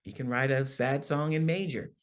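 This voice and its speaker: A songwriting professor gives a conversational workshop lecture in a medium-pitched voice at a moderate pace. He's animated, often checks in with "right?", and acts out examples in different voices.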